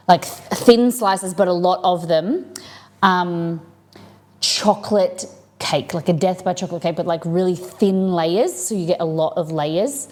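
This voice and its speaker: A woman's voice: on the low side, darkish tone. A woman hosting a live cooking stream, chatting casually and thinking aloud as she works in a home kitchen.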